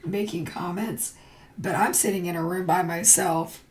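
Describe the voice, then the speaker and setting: A woman's voice: lowish voice, fairly even intonation, moderate pace, darkish tone. A middle-aged woman hosting a crafting livestream, telling rambling stories with tangents while she colors alone at her computer. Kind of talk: casual chat while coloring.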